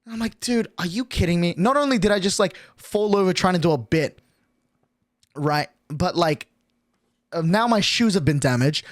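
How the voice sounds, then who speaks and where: A man's voice: high-pitched, expressive, moderate pace, long pauses, dry recording, studio quality. A young adult man streaming, telling a story casually to his chat, swearing often and filling with "like". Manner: crude, swears a lot, lots of "like" fillers.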